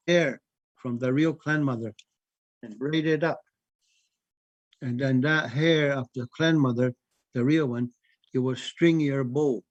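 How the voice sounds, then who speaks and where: A man's voice: medium pitch, dry recording, dull audio. Man telling a traditional story, dry close mic. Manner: unhurried, repeats words for emphasis, with pauses and fillers.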